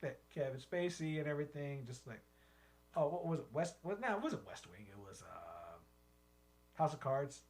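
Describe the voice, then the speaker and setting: An animated podcast co-host whose voice leaps up and down as he rambles through jokes, laughing often. The delivery is loose, chatty casual talk between friends. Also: a little high, moderate pace. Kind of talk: casual chat.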